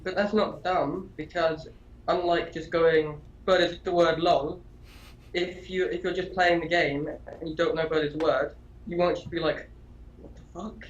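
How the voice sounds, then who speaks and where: A man's voice: fairly high pitch, fairly even intonation, a little slow, lo-fi sound, slight background noise. A man co-hosting a gaming podcast in casual chat, rambling with lots of restarts and casual swearing. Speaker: podcast co-host.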